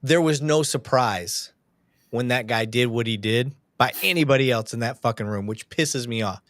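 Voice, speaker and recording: A man's voice: mid-range voice, moderate pace, a bit bright, no echo. A man hosting a police-topic livestream, talking bluntly and heatedly with plenty of swearing. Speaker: podcast host, police sergeant. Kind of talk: casual livestream chat.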